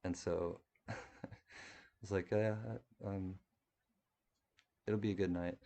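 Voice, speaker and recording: This livestream host has a deep, dark voice with a level tone and takes things slowly. He chats casually and rambles while reading comments from viewers. He laughs a lot and restarts his sentences often.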